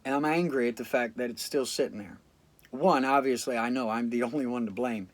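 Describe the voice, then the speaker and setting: A tired man talks straight into the camera, blunt and reflective, swearing freely as he thinks aloud. His voice sits at an everyday middle pitch. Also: brisk, a little hiss or hum. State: fatigued after a sleep deprivation study. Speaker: vlogger. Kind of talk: casual talk to camera.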